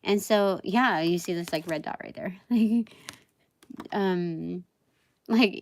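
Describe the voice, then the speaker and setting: A woman reading tarot cards on a live stream, talking in a meandering, halting way full of fillers, with soft laughs between thoughts. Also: medium pitch, dry recording, clean studio sound. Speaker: tarot reader.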